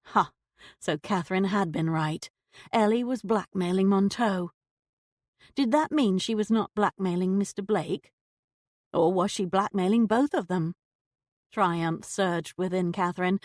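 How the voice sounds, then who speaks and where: A woman narrating a cozy period mystery audiobook in a measured, even storytelling voice. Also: on the low side, dry recording, clean studio sound.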